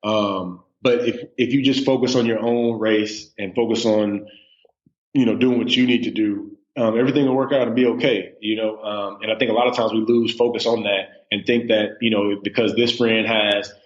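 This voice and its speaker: A podcast guest in his thirties chats casually and easily, sprinkling in plenty of "um"s and "you know"s. His voice sits on the low side with fairly even intonation at normal speed, captured on a lo-fi recording.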